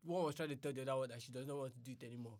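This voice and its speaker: A man co-hosting a casual chat, playful and quick to laugh as he steers the topics. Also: medium pitch, a little mellow.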